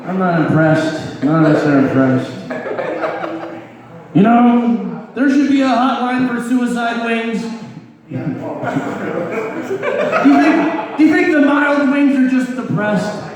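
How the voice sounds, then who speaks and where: High-voiced man doing deadpan stand-up. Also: slow pace, long pauses. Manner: deadpan crude one-liners with a dry "you're welcome" tag. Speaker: stand-up comedian. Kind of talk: live stand-up set. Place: comedy club stage before a laughing audience. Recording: echoey room, distant mic, crowd laughter.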